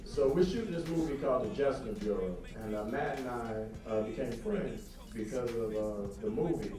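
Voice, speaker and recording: A man from New Orleans with a New Orleans accent, telling a story as an interview guest in a lively, animated way. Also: moderate pace, far from the mic. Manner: lively, swings high when quoting others. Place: film festival event. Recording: echoey, off-mic, music behind.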